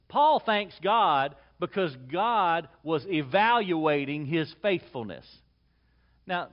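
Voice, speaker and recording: A man preaching a verse-by-verse sermon. He reads scripture and prays softly, then explains the text in a relaxed, conversational way. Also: a little high, lo-fi sound. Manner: soft, hushed prayer. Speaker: pastor. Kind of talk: expository sermon.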